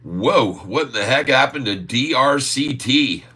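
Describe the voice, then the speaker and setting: A man's voice: medium pitch, lively intonation, bright, forceful tone, slightly rough. A man hosting a casual stock-trading livestream, reading viewer comments aloud and chuckling often. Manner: chuckles often, drawn-out folksy asides.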